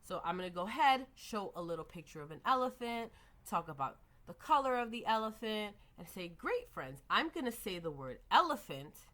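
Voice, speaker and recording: A woman's voice: mid-range voice, big pitch swings, fairly quick, sharp tone. A young adult woman giving a methodical lesson on early reading, modeling classroom prompts for children. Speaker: teacher educator.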